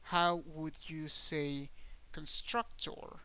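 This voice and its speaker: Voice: mid-range voice, sharp tone, low-quality recording. Patient online Spanish teacher. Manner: patient, repeats each example word slowly; stresses syllables to show pronunciation. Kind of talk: online language lesson.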